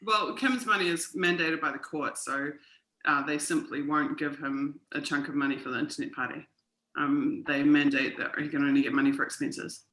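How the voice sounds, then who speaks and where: A woman co-hosting a casual livestream and explaining things in a quick, chatty way. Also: sits low, steady tone, fairly bright tone, reverberant, poor audio. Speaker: co-host.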